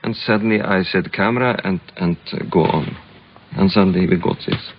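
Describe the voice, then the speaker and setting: A man from Sweden, a film director being interviewed, speaking English with a Swedish accent and pausing often to find his words. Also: low voice, steady tone, slight background noise. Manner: halting, searching for English words. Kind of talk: reflective interview storytelling. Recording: dull lo-fi archival recording.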